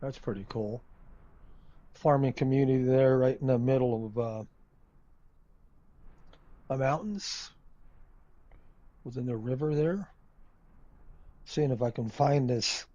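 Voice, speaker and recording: A man's voice: medium pitch, slow pace, long pauses, mellow, dry recording, dull audio. A man hosting a flight simulator video, chatting casually and rambling with many ums and uhs as he thinks aloud. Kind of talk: casual gameplay commentary. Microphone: desk microphone.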